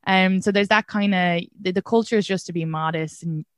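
Irish comedian in her 30s, animated and swearing, close dry recording. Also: on the low side, brisk, no room sound. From Ireland. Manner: animated storytelling, swears freely, laughs often. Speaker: comedian guest. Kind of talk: casual podcast chat.

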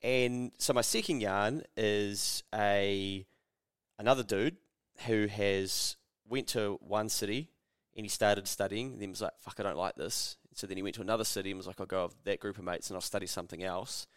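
In a dry, clean studio recording, a young man with a fairly low, clear, resonant voice co-hosts a podcast at a moderate pace with fairly even intonation. His storytelling is casual and sweary, and he acts out the characters as he goes.

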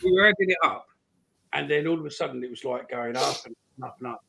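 A man co-hosts a live football podcast, rambling through his stories in casual chat. His voice has a gravelly, fry-edged texture at a middling pitch. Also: fast talker, sharp tone. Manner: rambling storyteller, chuckles often. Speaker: podcast co-host.

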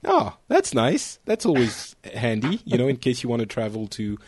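A man's voice: mid-range voice, wildly swooping pitch, moderate pace, a little mellow, breathy edge, no room sound. A man from France, hosting a casual podcast chat, joking and often correcting himself mid-sentence. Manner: rambling, self-correcting, joking. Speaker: podcast host.

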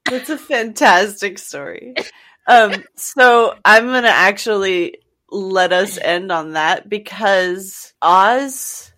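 A woman's voice: medium pitch, takes it slowly, bright, forceful tone. A woman hosting a podcast, chatting casually and then reading an upbeat sign-off with plugs. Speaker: podcast host.

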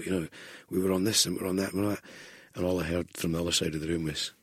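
A Scottish broadcaster, a man, telling lively stories in casual podcast chat, swearing freely as he goes. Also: low-pitched, very fast, hardly any pauses, husky, no echo, clean studio sound. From Scotland. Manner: lively anecdotal storyteller, heavy swearing.

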